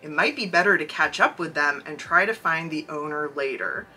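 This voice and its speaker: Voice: mid-range voice, moderate pace, sharp tone, soft background music, poor audio. A podcast co-host reading a choose-your-own-adventure story aloud, with wry, jokey asides. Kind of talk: casual chat and reading aloud.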